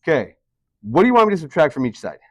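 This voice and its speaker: A man's voice: on the high side, sing-song, quick pace, no echo. Chatty male math teacher, dry sound. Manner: chatty, questioning, encouraging. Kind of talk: classroom lesson. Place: classroom.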